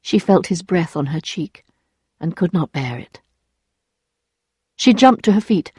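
A woman narrating an audiobook in a steady, measured storytelling voice. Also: fairly low pitch, slightly rough, no room sound, clean studio sound.

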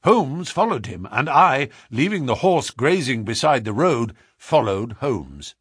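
Male audiobook narrator, measured and expressive, slightly husky, dry close recording. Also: no room sound. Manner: measured storytelling, lively pitch.

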